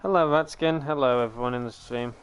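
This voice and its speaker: A man's voice: medium pitch, a little fast, loud music behind the voice. Chatty British man streaming games. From Britain. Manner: chatty storyteller, addresses viewers as ladies and gentlemen. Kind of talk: casual gaming stream chat.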